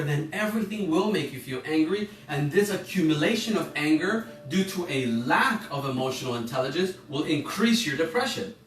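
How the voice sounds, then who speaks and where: A man's voice: a little high, fairly bright tone. A man teaching an online emotional intelligence class, talking informally, rambling and correcting himself as he puts questions to the listeners. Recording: echoey room, a bit far from the mic, faint music.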